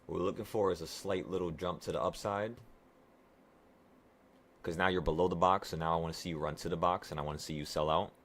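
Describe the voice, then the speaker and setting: A man who is sick, excitedly and profanely talking viewers through his live trades and cursing at himself. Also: low-pitched, fast talker. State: sick, voice affected by illness. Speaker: trading vlogger. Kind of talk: live trading commentary to viewers.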